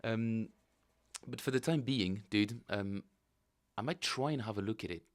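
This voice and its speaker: Male streamer, slightly low voice, loose rambling chat with viewers. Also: measured pace, dry recording. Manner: rambling, thinking aloud, chatting with viewers. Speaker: bass player streaming practice. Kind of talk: casual livestream chat.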